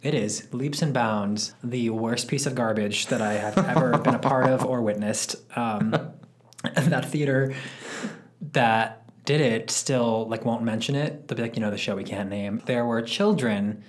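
A man co-hosting a casual comedy podcast at home, telling animated stories about theater work and laughing often. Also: mid-range voice, a little slow. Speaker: podcast co-host.

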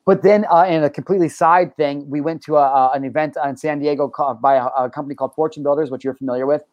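Male live-show host, slightly high-pitched, lively swearing storyteller, dry close sound. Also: fast talker, dry recording, lo-fi sound. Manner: energetic, animated storyteller, swears freely. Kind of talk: casual live-stream chat and storytelling.

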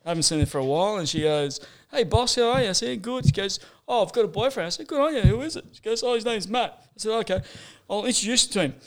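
A man's voice: sits high, animated, fast, few pauses. Swearing Australian man telling stories. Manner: swears constantly, laughs through rambling stories. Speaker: guest surf photographer. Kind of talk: casual podcast chat.

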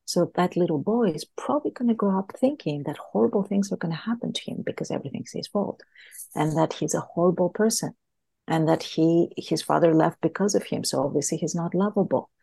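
A woman's voice: lowish voice, a little fast, vocal fry, mellow, husky, no room sound. A woman, a guest in a podcast interview, earnestly explaining an idea through a story and often repeating words as she thinks. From Greece.

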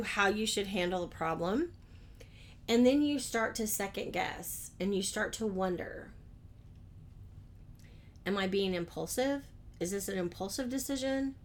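A woman hosting her own business podcast, talking conversationally and asking her listeners questions. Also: fairly high pitch. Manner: friendly, conversational, rhetorical questions. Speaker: podcast host. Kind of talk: solo business podcast talk.

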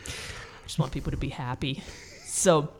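A woman's voice: a bass voice, steady tone, normal speed, a little hiss or hum. A woman co-hosting a podcast in casual chat, rambling and joking with frequent swearing. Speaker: podcast co-host.

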